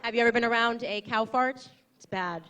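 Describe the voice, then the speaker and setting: A young woman speaking on a stage panel, animated and jokey, with mocking asides. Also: on the high side, fairly quick, muffled recording, some chatter behind, a little hiss or hum. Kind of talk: lively stage talk with a crowd.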